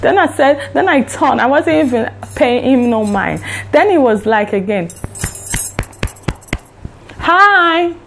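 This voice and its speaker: Brief: a woman vlogger with a slightly high voice, dramatic, profane storytelling. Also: normal speed, creaky, few pauses, soft background music. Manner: animated, dramatic retelling with frequent swearing. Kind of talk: storytime vlog.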